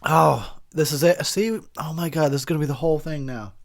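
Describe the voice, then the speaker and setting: A drunk and high man giving a crude, rambling, giggly commentary over a movie he is watching. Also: a little fast, gravelly.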